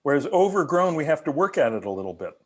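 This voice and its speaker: A man's voice: on the high side, big pitch swings, quick pace. A man leading an online haiku workshop, asking questions and teaching in a talkative way with many restarts.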